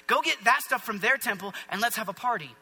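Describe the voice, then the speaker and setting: A man's voice: very high-pitched, lively intonation, quick pace, gravelly, pushed and bright, husky, long reverb tail, full character voice. A man voicing a boastful, panicky ancient king who talks in casual modern slang. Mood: scheming.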